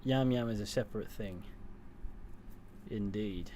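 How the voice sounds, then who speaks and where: A man's voice: on the low side, a little slow, warm tone, a little hiss or hum. A man streaming, casually reading out chat comments and answering them in a dry, offhand way. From England.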